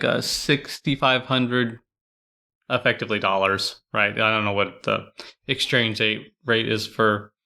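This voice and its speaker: Bright-voiced man in rambling book chat. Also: medium pitch, gravelly. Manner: rambling, filler-heavy retelling. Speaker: library podcast co-host.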